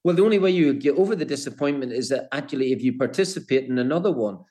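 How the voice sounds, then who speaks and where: A man's voice: medium pitch, animated, fast talker, mellow. An older man, a former footballer, recalling his playing days in an interview, often restarting and repeating words. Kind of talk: interview, storytelling.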